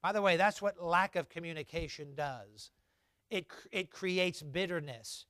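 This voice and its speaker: Recorded cleanly in a studio with no room sound, this pastor speaks at a fairly high pitch with a sharp tone and an unhurried pace. His sermon is emphatic and repetitive, full of call-and-response lines for the congregation and scripture read in archaic language.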